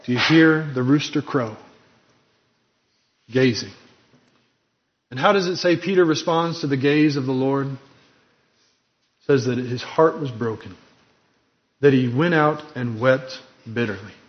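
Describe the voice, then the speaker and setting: A man's voice: mid-range voice, unhurried, pauses often, lo-fi sound. A man preaching a sermon in an earnest, emphatic way, acting out quoted lines with drama. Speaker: pastor.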